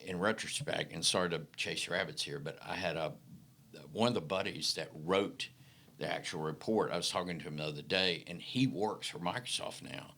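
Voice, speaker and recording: Man, middle-aged, deep voice with a bright edge, folksy anecdotes for an interview guest spot. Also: normal speed, gravelly. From Mississippi Delta, American South. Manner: folksy, animated anecdotes with acted-out quotes. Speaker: podcast guest. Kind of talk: casual storytelling interview.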